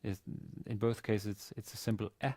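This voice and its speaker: A man with a lowish, mellow voice lectures on grammar at a university, pausing often with hesitant fillers and restarting his sentences. The sound is dry and close, with almost no room echo. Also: level tone. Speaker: Arabic teacher.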